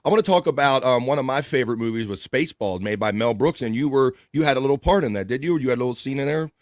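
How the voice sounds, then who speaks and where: Quick male host asking questions, dry close sound. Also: mid-range voice, no echo. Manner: eager questioner. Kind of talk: casual interview.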